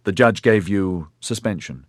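A man voicing a patient, formal male clinic official who explains things in a measured, polite way with hesitant fillers. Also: sits low, no room sound, clean studio sound. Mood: explaining.

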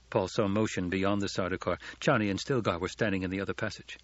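A man narrating a novel as an audiobook, in steady storytelling. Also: deep voice, fast talker, hardly any pauses, dry recording. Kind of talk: scripted narration. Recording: dull lo-fi audiobook recording.

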